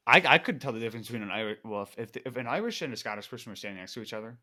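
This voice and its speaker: A man co-hosting a podcast in easygoing casual chat, often trailing off quietly. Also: mid-range voice, expressive, very fast. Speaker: podcast co-host.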